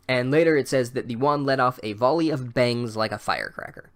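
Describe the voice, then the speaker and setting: Male podcast host, comedic book recap; sarcastic, profane, rambling, mid pitch. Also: brisk.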